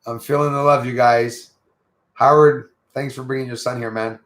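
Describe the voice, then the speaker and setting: A man's voice: medium pitch, steady tone, moderate pace, fairly bright tone, echoey room. A man from Quebec with a Quebec French accent, hosting a casual livestream, greeting viewers and rambling in a friendly way. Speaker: livestream host.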